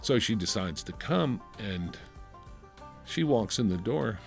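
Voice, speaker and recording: A man with a New Jersey accent telling lively film-set stories in an interview, acting out what others said and swearing casually. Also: lowish voice, slow pace, vocal fry, soft background music. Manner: animated anecdotes, acts out quoted voices, swears casually. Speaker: film crew member, interview guest.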